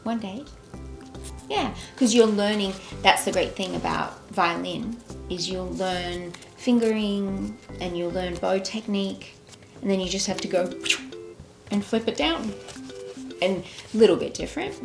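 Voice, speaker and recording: A bubbly, enthusiastic Australian woman hosts a podcast and chats warmly with a young guest. Her voice has a gravelly edge. The room sounds echoey, with music playing behind her. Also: medium pitch, measured pace. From Melbourne, Australia. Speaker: podcast host. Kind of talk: casual chat with a child guest.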